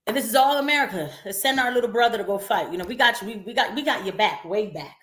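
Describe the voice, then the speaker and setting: A young woman hosting a casual live-stream of news commentary, emphatic and quick to laugh, now and then acting out the voices of the people she quotes. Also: a little high, a bit bright.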